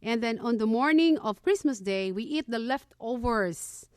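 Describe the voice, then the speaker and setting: A woman's voice: fairly high pitch, lively intonation, normal speed, a little mellow, smooth, no echo, studio quality. A woman from the Philippines co-hosting a community radio show, reading a prepared segment and listing items one by one. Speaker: radio co-host.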